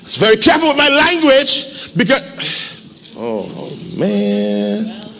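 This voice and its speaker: Pastor guy preaching loud and animated, big echoey church, voice jumps all over. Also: sits high, slow pace, creaky, a little hiss or hum. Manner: animated, preachy call-and-response, sudden shouts. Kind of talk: sermon. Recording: echoey hall, faint ambience.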